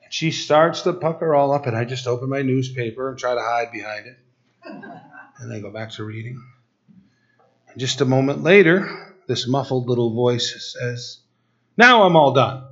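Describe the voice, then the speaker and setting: A middle-aged man preaching a sermon, telling a personal story in quick bursts with stammered restarts. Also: medium pitch. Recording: dull lo-fi recording.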